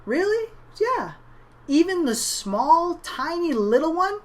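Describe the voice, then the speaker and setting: A woman's voice: extremely high pitch, big pitch swings, slow, pitched above the performer's own voice, exaggerated voice. A woman voicing a hesitant, sad little boy who asks wondering questions.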